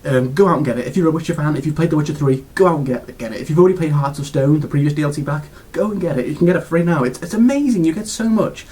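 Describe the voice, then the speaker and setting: A man's voice: a little high, very fast, hardly any pauses, a little mellow. A British man giving a casual video game review, gushing and rambling with lots of restarts and fillers.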